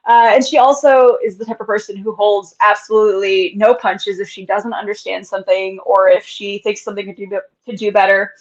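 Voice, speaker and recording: Woman, author guest, candid and chatty, frequent laughs, medium pitch, dull lo-fi audio. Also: fairly even intonation, fairly quick, few pauses. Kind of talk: casual interview chat. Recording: dull lo-fi sound.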